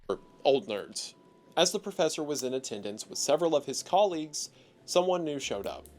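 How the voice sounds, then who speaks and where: A young man narrating a horror story in a relaxed, conversational video-essay style with light jokes. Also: a little high, fairly quick, soft background music. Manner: relaxed, conversational, slightly joking.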